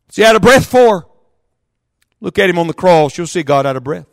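A man preaching a sermon in church, impassioned, swinging from quick asides to loud, drawn-out calls. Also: high voice, no echo, clean studio sound. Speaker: pastor. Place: church service.

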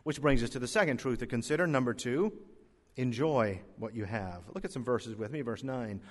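A male pastor preaching an emphatic sermon, rising to loud peaks and dropping to hushed lows. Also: moderate pace, long reverb tail.

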